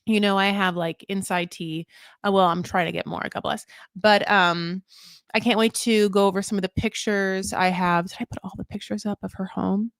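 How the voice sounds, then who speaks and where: A woman's voice: mid-range voice, fairly even intonation, normal speed, gravelly, dry recording, clean studio sound. A woman hosting a live recap, talking casually and rambling with lots of fillers, tangents and playful self-mocking asides. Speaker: host of a live show recap. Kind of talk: casual live-stream chat.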